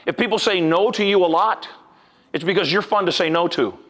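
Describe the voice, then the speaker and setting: This older man, a hypnotist and motivational speaker, talks fairly quickly at a live seminar in a large event room. His delivery is animated and punchy, veering between loud stresses and hushed asides.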